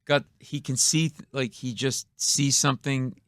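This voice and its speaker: A middle-aged comedian, guesting in a radio studio, tells animated stories and acts out the people in them with punchy, quick delivery and quoted voices. His medium-pitched voice is a bit bright with fairly even intonation, and the recording is dry.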